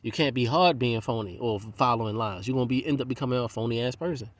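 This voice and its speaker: Speaking fast in a mid-range voice, an East Coast American man gives an animated, streetwise monologue laced with profanity, jumping into other people's voices along the way. There's no room sound.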